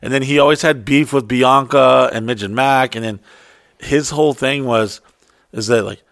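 A man telling a wild story in casual, profane chat, acting out quotes in high voices. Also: normal speed, vocal fry, a bit bright, no room sound, clean studio sound. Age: adult.

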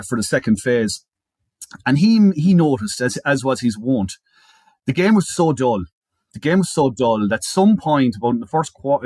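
A man co-hosting a podcast, retelling an old football interview in a lively casual way and often repeating words as he goes. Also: medium pitch, no echo, studio quality. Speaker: podcast co-host. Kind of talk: casual chat, storytelling.

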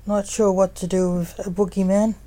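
A woman's voice: medium pitch, level tone, normal speed, dark tone, close to an everyday voice. A woman voicing a stern, bossy male grim reaper who leads the others, in a scolding, dry manner.

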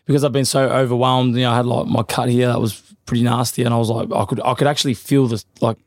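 A man's voice: medium pitch, flat delivery, dry recording. A man, a professional boxer talking casually as a guest in an interview, full of fillers and restarts. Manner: rapid, loose, repeats fillers.

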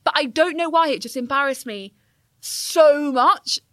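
A young woman co-hosting a podcast, telling a story in a casual, animated, self-mocking way and swearing freely. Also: high voice, unhurried, no echo. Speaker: podcast co-host.

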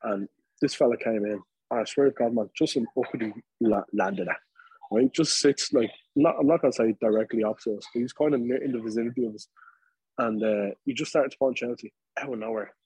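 A man with a Dublin accent, co-hosting a podcast and telling an animated, casual story full of fillers. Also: mid-range voice, fairly quick, breathy edge, no room sound, poor audio. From Ireland. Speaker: podcast co-host. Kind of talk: casual chat.

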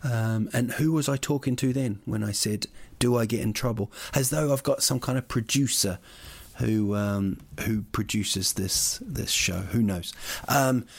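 Gravelly-voiced man rambling on a podcast. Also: lowish voice, unhurried, no echo. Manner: rambling, jokey, playful asides. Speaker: podcast host. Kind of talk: rambling solo podcast monologue. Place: lives in Sweden.

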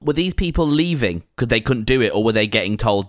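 A man hosting an interview, asking measured, probing questions. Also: mid-range voice, lively intonation, no room sound, clean studio sound. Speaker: interview host.

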